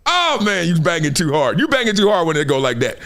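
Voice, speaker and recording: A man's voice: fairly high pitch, very animated, fast, a bit bright. A man from Compton hosting a live sports talk stream in a casual, slangy, playful way, laughing often. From Compton, California. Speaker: show host.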